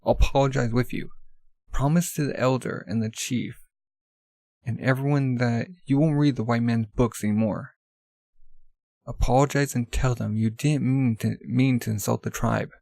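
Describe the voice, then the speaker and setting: A man's voice: medium pitch, fairly even intonation, normal speed, gravelly, mellow, no echo, close to an everyday voice, poor audio. A man reading as a reproachful older sister. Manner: pleading and reproachful. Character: worried, scolding older sister.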